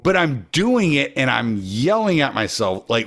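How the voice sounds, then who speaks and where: Animated, cussing man in casual chat. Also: medium pitch. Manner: animated, swears freely, quick asides. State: drinking during the chat. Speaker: podcast guest or host. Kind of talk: casual conversation.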